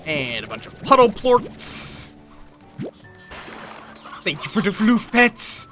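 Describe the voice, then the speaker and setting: A young man streaming a video game, chatting casually with his viewers, swearing now and then and reacting out loud. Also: sits high, takes it slowly. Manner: animated, chatty, swears, talks to chat. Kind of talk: casual gameplay commentary. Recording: faint game music behind.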